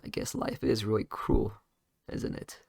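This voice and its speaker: An indignant young peasant trainee who swears at his bad luck and then goes bitterly quiet, as a man retelling a story puts him on. The voice sits low and gravelly. The sound is dry and close. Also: wildly swooping pitch, measured pace, dry recording, exaggerated voice. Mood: outraged. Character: brash young male peasant trainee, outraged.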